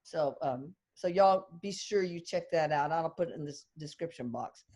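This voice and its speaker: A middle-aged woman with a Texan accent hosting a casual group chat, chatty and quick to laugh. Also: low-pitched, darkish tone. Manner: chatty, laughing, drawling y'all. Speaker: host.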